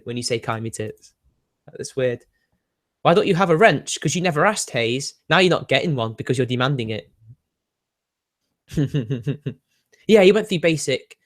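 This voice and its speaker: A young British man with a British accent, hosting a casual livestream and answering chat with sardonic asides and frequent laughs. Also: a little high. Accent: British English. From Britain. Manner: chatty, sardonic, laughs often, answers viewer questions. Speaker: livestream host reading chat.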